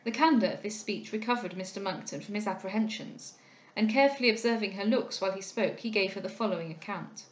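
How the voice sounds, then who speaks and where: A woman reads a classic novel aloud in a measured, steady voice. Her pitch sits in the middle range, and the recording carries a noticeable roomy echo. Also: highs cut off. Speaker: audiobook reader.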